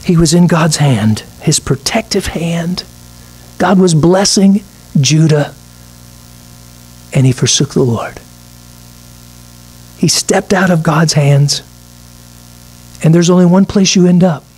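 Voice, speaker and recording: A man's voice: fairly high pitch, slow pace, pauses often, a little mellow, breathy edge. A man, a pastor preaching a midweek sermon, reading scripture aloud and acting out little asides.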